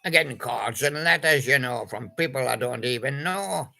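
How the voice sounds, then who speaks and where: An older man with a gravelly voice, rambling through a comic monologue of puns on old pop songs, slipping in sung snatches. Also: mid-range voice, lively intonation, bright, forceful tone, poor audio. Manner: slow, rambling, punning, with little sung snatches and put-on bits. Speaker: storyteller doing joke monologue about old pop songs.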